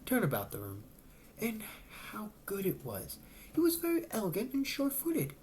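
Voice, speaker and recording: A woman reading a novel aloud as a narrator, telling the story with lively shifts and voiced dialogue. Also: medium pitch, normal speed, slight background noise. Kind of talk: audiobook-style reading.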